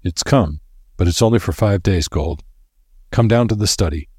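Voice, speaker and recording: A man reading aloud, voicing a stern doctor who gives calm, firm orders. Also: low-pitched, normal speed, breathy edge, no room sound, studio quality. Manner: stern, commanding. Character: stern, steady male doctor. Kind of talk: audiobook character voice.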